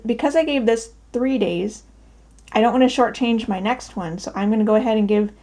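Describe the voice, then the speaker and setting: A woman with a mid-range, slightly mellow voice does a casual show-and-tell vlog of her cross-stitch from her daughter's bedroom at home. She's cheerful, winded, and peppers her talk with ums.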